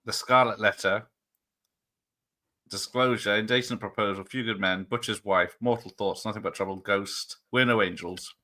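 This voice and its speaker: Bright-voiced man in casual chat. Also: fairly low pitch, fairly even intonation, normal speed. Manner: rattles off film titles, laughs often. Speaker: watch party host.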